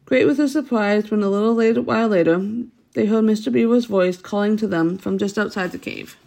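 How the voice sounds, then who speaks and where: A woman's voice: mid-range voice, fairly quick, creaky, a little mellow. A woman reading a children's story aloud, unpolished, with stumbles and self-corrections.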